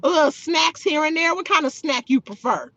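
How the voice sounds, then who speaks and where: A woman's voice: high-pitched, expressive, fairly quick, pushed and bright, no room sound. A woman hosting a livestream in a sassy, mocking way, talking to her chat. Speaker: livestream host. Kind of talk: livestream chat reacting to viewers.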